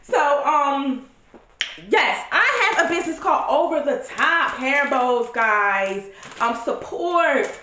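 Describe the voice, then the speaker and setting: A woman's voice: high voice, expressive, takes it slowly, sharp tone, roomy sound, a little hiss or hum. A woman talking straight to camera in a casual vlog, blunt and profane, full of strong opinions. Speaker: vlogger reviewing a reality show.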